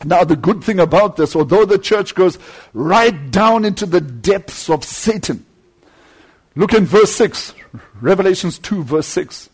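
High-voiced husky male preacher. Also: lively intonation, unhurried. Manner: fervent, swinging between loud climbs and low asides. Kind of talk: sermon.

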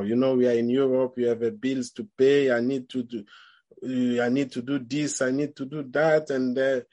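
Emphatic preacher man, high-ish voice. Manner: conversational preaching with rising emphatic lines and quick asides. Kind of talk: sermon.

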